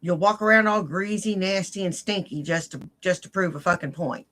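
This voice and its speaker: Bright-voiced woman in a furious rant. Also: lowish voice, normal speed. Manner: furious, accusing, heavy cursing. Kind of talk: angry profane rant.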